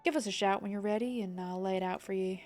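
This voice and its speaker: A woman voicing a gruff male pirate-town guild master, reading game dialogue aloud with a rough drawl that slides into a southern US twang. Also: medium pitch, quick pace, darkish tone, soft background music, lightly acted.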